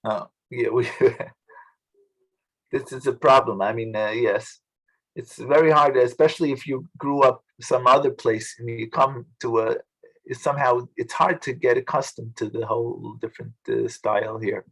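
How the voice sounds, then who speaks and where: A man leading a study group over a video call, talking in a casual, halting way with many restarts. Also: medium pitch, steady tone, fairly bright tone, rough recording. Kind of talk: casual teaching talk.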